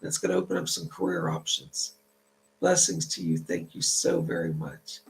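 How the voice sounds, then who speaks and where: A man hosting a live-stream psychic reading, chatty and relaying spirit messages, his voice tight and gravelly from the cold. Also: low voice, little pitch movement, moderate pace, slight background noise. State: voice tight and cracking from a cold house.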